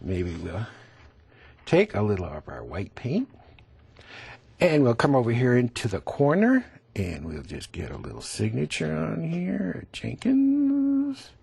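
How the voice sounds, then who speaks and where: A man's voice: mid-range voice, huge pitch swings, measured pace, vocal fry, a little mellow, breathy edge, no room sound. A man teaching a TV painting lesson in a chatty, folksy way, laughing at his own jokes. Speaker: painting instructor.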